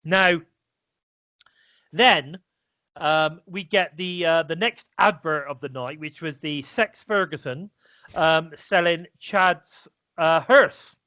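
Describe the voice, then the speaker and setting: Speaking slowly in a higher, pushed and bright voice, a British co-host rambles through a casual wrestling review podcast full of fillers and restarts. The sound is dry, dull and a bit lo-fi, with no echo.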